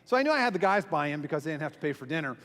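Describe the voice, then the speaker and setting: Animated man telling a story in a big hall. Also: on the high side, rapid-fire. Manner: animated and self-mocking, acting out quoted voices. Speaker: pastor and small group speaker. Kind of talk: storytelling talk to a church audience. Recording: long hall reverb from a live venue.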